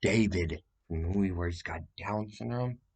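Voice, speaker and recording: A man's voice: deep voice, normal speed, a little mellow, breathy edge. A man talking straight to the camera in a rambling vlog monologue, swearing heavily and breaking into agitated outbursts.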